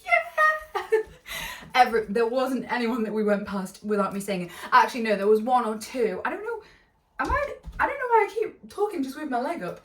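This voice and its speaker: A woman's voice: a little high, expressive, fairly quick, fairly bright tone, recorded from a distance, a little hiss or hum. A woman telling a storytime vlog in a bubbly, giggly, rambling way, full of side notes. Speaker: vlogger. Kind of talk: casual storytime. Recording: echoey room, voice a bit off-mic.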